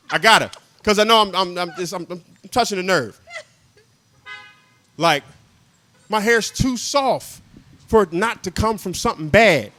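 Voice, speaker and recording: A young man doing a stand-up comedy set, chatty and self-mocking, laughing at his own jokes and dropping into quiet asides. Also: high-pitched, expressive, unhurried, pauses often.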